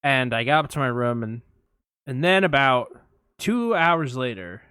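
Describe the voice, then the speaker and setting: Bright-voiced man telling a wild story. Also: medium pitch, a little slow, smooth, no room sound, studio quality. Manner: animated storyteller, acts out quotes, swears a lot. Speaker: podcast co-host. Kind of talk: casual storytelling chat.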